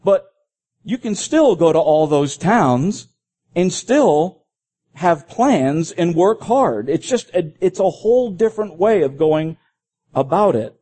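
A middle-aged man, a pastor, preaching an earnest sermon and slowing down when he quotes scripture. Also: fairly high pitch, sing-song, mellow.

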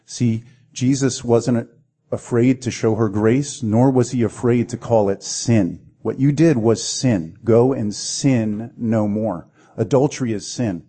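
A man's voice: medium pitch, takes it slowly, warm tone, husky. A man preaching a sermon with dramatic delivery, acting out the voices in the stories he tells. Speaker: pastor.

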